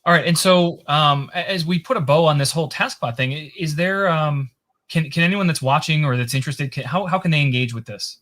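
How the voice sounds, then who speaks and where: A man's voice: fairly high pitch, brisk, a bit bright. A man hosting a casual interview over a video call, friendly, with hesitant restarts. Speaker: show host.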